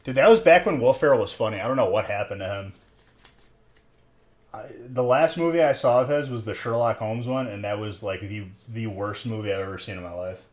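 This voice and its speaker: A man's voice: fairly low pitch, brisk, darkish tone. A young man hosting a live stream where he opens trading card packs, rambling in casual chat and teasing his viewers. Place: alone in a room.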